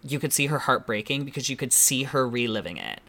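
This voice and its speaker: Bright-voiced campy male podcast host. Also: mid-range voice, fairly quick. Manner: animated, campy, acts out quotes. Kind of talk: casual chat.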